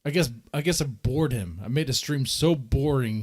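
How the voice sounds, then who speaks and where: A man's voice: mid-range voice, moderate pace, darkish tone, slightly rough. A man hosting a livestream in casual chat, rambling and teasing his guests with a mocking edge. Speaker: livestream host.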